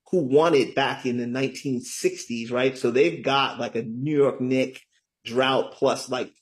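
A middle-aged man talking as a guest author in an interview, enthusiastic and often tagging his points with "right?". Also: mid-range voice. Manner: enthusiastic, keeps asking "right?". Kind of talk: conversational interview talk.

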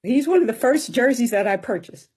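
A woman's voice: on the high side, animated, a little fast, a little mellow, husky. A woman hosting an interview, asking short, encouraging questions. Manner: brief, encouraging prompts. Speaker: interview host. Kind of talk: casual interview.

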